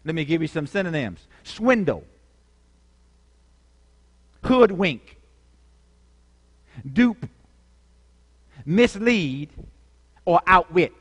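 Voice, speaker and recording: A man preaching a lively sermon, calling out to the congregation with dramatic swings in volume. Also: on the high side, extremely slow, pauses often, long reverb tail. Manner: animated, call-and-response, dramatic shifts in volume.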